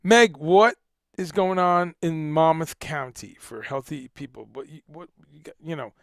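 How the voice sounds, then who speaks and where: Gravelly, animated livestream host. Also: male voice, on the high side, a little slow, no echo, studio quality. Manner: animated, joking, swears casually. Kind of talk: casual livestream chat.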